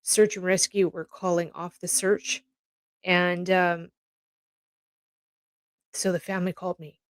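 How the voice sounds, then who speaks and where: Woman from Canada, low voice, dry close sound, rambling heartfelt commentary. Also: level tone, a little slow, no echo. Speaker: host reacting to news clips. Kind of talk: emotional casual commentary. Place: home.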